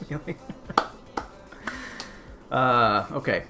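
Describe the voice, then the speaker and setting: A man's voice: medium pitch, drawn-out words, very noisy. A man hosting a casual cooking live stream, chatty and rambling as he answers chat.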